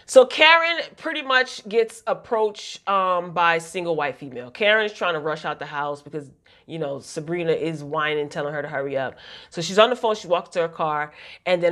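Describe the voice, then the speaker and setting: A woman's voice: lowish voice, fairly bright tone. Woman vlogger, chatty and opinionated, exasperated recap of a TV show, conversational. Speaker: TV episode reviewer. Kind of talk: casual recap commentary.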